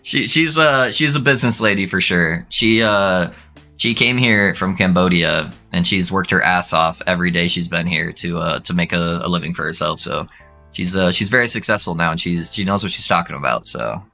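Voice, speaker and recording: Young male streamer, lowish bright voice, casual chat with bursts of excitement, faint music underneath. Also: moderate pace, vocal fry. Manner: excited whoops and laughs between relaxed chatter.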